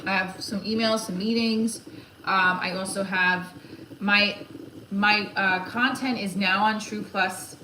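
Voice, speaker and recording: Comedian lady vlogging, bright voice, swears a lot, echoey room w faint noise. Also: mid-range voice, steady tone, slow. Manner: frank, swears freely, rambling restarts. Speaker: comedian vlogging her day. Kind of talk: candid casual vlog.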